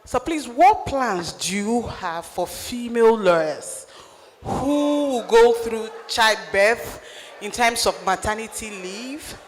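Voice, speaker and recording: Brief: woman, audience questioner, measured and polite, reverberant hall. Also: on the high side, expressive, slight background noise. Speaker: lawyer asking a question.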